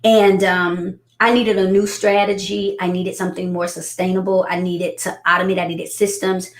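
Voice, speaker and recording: Animated woman speaking in an echoey room. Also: moderate pace. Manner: animated storyteller, acts out quotes in high voices. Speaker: guest business coach. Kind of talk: casual chat.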